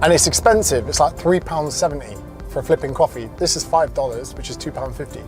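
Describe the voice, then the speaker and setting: A man's voice: fairly high pitch, expressive, fairly quick, music in the background. A young English man vlogging about life abroad, chatty and blunt, swearing freely. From England. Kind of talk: casual travel vlog.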